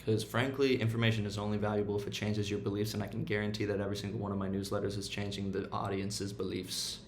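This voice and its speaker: A young man rants casually about self-improvement, swearing freely and poking fun at himself. His voice sits fairly low and drops into muttered asides. A faint noise hangs under the recording. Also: flat delivery, fast talker, few pauses. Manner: profane, blunt and self-mocking, slips into mumbling asides. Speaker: self-help vlogger. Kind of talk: casual motivational rant.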